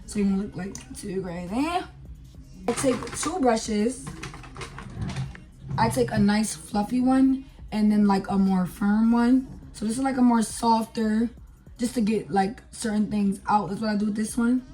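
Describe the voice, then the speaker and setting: This beauty vlogger, a young woman, keeps up casual, filler-heavy chatter with her viewers as she does her makeup. Her medium-pitched voice is dark and a little slow, with soft background music playing.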